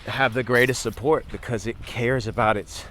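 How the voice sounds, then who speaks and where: A man's voice: mid-range voice, steady tone, moderate pace, a bit bright, a little hiss or hum. A male actor giving an earnest, heartfelt testimonial about his artistic home.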